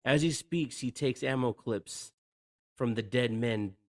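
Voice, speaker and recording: A man's voice: medium pitch, a little slow, a little mellow, no room sound, clean studio sound. A man co-hosting a podcast, reading screenplay action lines aloud and stumbling over words. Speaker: podcast co-host.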